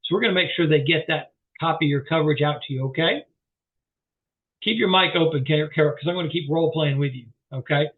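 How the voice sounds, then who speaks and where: High-voiced man coaching over a tinny call. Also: fast talker. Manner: folksy, animated, acts out both sides of calls. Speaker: sales trainer. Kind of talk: coaching with role-play demonstration. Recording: tinny phone-like video call audio.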